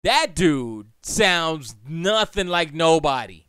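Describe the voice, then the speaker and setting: A man with a fairly high voice chats casually on a live stream from his home studio. His pitch swings widely as he rambles, restarts and answers questions from chat. The sound is dry and close. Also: sing-song, slow, a bit bright, clear, resonant tone, no room sound. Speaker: music producer and stream host.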